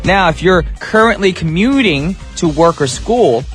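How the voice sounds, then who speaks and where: A man's voice: sits high, animated, a little slow. Casual male morning DJ, easygoing patter, light tenor, faint music bed. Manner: upbeat and chatty, with casual slang. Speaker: radio DJ. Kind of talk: morning radio show hosting. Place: radio studio. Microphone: studio microphone.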